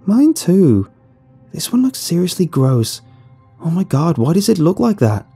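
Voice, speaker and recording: Frightened teen schoolgirl, high alarmed voice, drawn-out words, a man doing it. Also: very animated, mellow, husky, faint music behind, heavily acted.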